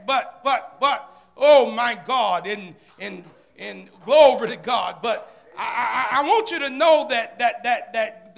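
Man, preacher, church service sermon, very high voice, slow delivery, fervent, call-and-response. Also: gravelly, sharp tone.

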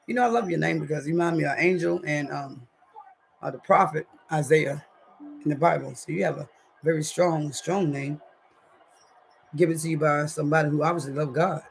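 The voice sits low and moves fairly quick, with vocal fry and a scratchy throat. She's a woman hosting a casual kitchen livestream at home, chatty and slangy, reading comments and calling everyone y'all.

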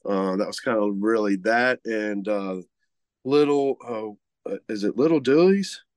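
A man's voice: on the low side, measured pace, no echo. A man from Mississippi, chatting casually on a podcast in an easygoing, rambling way full of fillers. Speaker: guest co-host, butcher shop representative.

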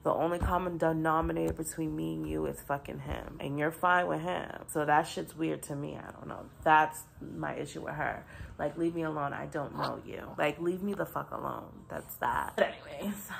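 A young woman talks casually to her vlog audience, blunt, frustrated and quick to swear. Her voice sits low with a heavy gravelly fry. A faint hiss of noise runs under the home recording. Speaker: vlogger.

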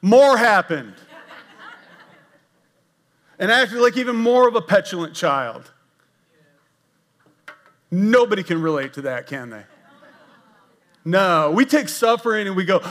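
Preaching in the sanctuary, this older executive pastor speaks in a high voice, unhurried and pausing often. The sermon is conversational and laid-back, full of jokes at his own expense and lively asides to his congregation.

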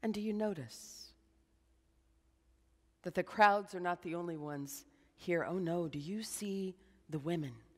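A woman preaching a sermon as a slow, dramatic guided meditation, dropping to a hush at times. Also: on the low side, in a large hall. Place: church.

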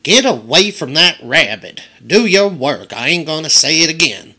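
A man's voice: fairly high pitch, big pitch swings, slow pace, sharp tone, full character voice. A man voicing a stern, bossy old farm woman who barks orders and scolds. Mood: scolding.

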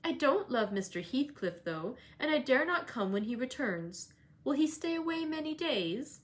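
An impulsive young lady, voiced by a woman reading aloud, earnest and pert. She speaks in a raised voice and flares up quickly. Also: high-pitched, sing-song, pitched above the performer's own voice.

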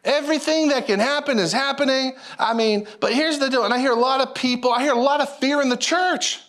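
A male pastor preaching a sermon in an animated, folksy way, repeating phrases and calling out to the congregation. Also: very high-pitched, brisk. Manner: animated, repetitive, folksy preaching with audience call-outs.

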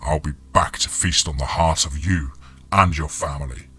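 Man voicing a raspy, mocking werewolf beast. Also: a bass voice, a bit bright, pitched below the performer's own voice, full character voice. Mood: threatening. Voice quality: raspy, gravelly. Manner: slow, taunting. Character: menacing male werewolf spawn, huge, mocking. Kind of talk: audiobook character voice.

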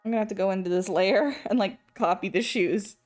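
English woman, young, art stream chatter, rambling, laughs a lot, middle pitch, faint music behind. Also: fairly quick, a little mellow. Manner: rambling, trails off and restarts, laughs often, swears casually. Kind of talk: casual chat while drawing.

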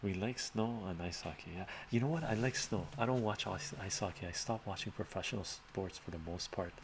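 A man's voice: on the low side, a little fast, vocal fry. A man hosting a casual live stream Q&A, rambling as he reads out viewer chat and answers it, recorded on a laptop mic. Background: laptop fan hum.

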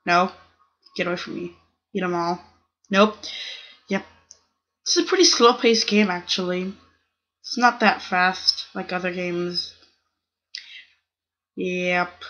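A woman's voice: fairly low pitch, slow, long pauses, a bit bright. A young woman hosting her gaming channel, chatting casually as she plays and scolding the other players with strings of "no". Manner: chatty, talks to the game's other players, squeals "no". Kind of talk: casual gameplay commentary.

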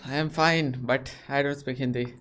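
A man's voice: mid-range voice, fairly even intonation, moderate pace, fairly bright tone. A man from West Bengal with an Indian English accent, asking strangers questions on a video call. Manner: curious, asks many questions, laughs easily. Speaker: video chat host. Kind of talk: casual video chat.

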